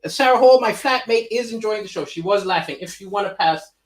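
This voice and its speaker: A man with a slight lisp hosts a live-streamed comedy show from his home. He talks in an animated, chatty way, riffing on songs and reading viewer comments aloud. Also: high voice, fairly quick. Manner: animated, reads viewer chat aloud and riffs. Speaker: comedian hosting a livestream.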